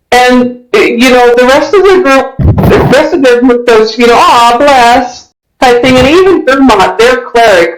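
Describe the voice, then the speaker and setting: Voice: mid-range voice, poor audio. A dungeon master narrating a tabletop game session, describing the scene with frequent restarts.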